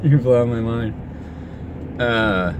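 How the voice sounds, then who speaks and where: A man rambling excitedly to the camera, breaking off and restarting his sentences a lot. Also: mid-range voice, very slow. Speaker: vlogger. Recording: outdoor street noise with passing cars.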